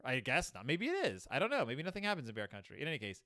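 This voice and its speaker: A man's voice: mid-range voice, rapid-fire, hardly any pauses, dry recording, clean studio sound. A young man giving sarcastic, comedic commentary on a children's book, jumping into voices. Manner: sarcastic, animated, puts on voices. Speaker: host reviewing a children's book.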